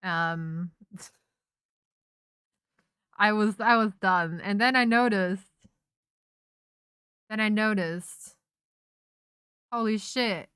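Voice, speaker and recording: Bright, crisp young woman streamer chatting. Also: mid-range voice, extremely slow, pauses often, no room sound, studio quality. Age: young adult. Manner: rambling, animated storytelling with self-interruptions. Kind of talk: casual chat.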